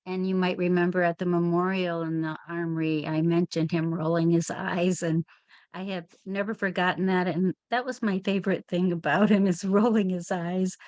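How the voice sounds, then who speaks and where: Woman w/ a lowish voice, slow and easy, chatting then reading her poem, dry close sound. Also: steady tone, darkish tone, no room sound, muffled recording. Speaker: poet reading at a tribute. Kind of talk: speaking then poetry reading.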